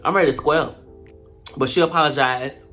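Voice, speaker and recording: A reality show reviewer talking in a casual commentary vlog, animated and profane, retelling scenes dramatically. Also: medium pitch, fairly quick, faint music behind.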